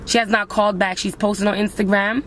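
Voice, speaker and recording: A woman's voice: mid-range voice, fairly even intonation, quick pace, fairly bright tone, slight background noise. A young woman telling viewers about a breakup in an emotional personal vlog, speaking straight to them. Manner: emotional, addresses viewers as guys. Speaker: vlogger.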